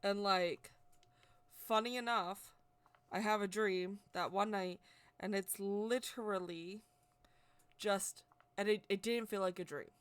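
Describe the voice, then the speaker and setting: A woman vlogger telling a personal story in a casual, rambling, excitable way, with constant "like" fillers. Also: medium pitch, slow pace, long pauses, clear, resonant tone, no echo. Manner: chatty, rambling, heavy use of "like"; excitable, animated retelling. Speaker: witchcraft vlogger.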